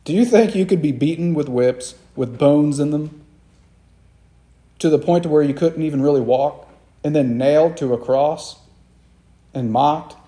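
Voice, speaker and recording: A man's voice: fairly high pitch, a little slow, pauses often, dark tone. A man preaching a sermon, earnest and repeating phrases for emphasis, asking his listeners questions directly.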